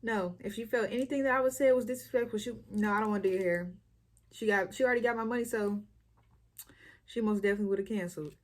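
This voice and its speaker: A woman's voice: medium pitch, fast. A young woman, chatting casually and animatedly as she tells a story-time vlog. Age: young adult. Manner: chatty, slangy, animated retelling. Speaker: YouTuber.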